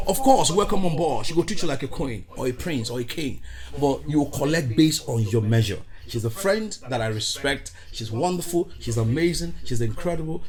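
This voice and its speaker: A Nigerian man hosting a podcast with a showy, exuberant intro, mixing in Pidgin. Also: fairly high pitch. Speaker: podcast host. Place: recorded studio in Ottawa.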